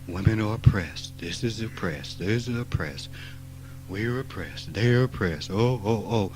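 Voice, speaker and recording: A man gives a spiritual talk in a somewhat low, mellow voice. He speaks bluntly and emphatically, with plenty of profanity, dropping to quiet asides and then bursting out loud. It is an archival talk recording from 1989. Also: lively intonation, unhurried, faint music behind, poor audio. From rural Mississippi. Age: 50s. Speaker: spiritual teacher.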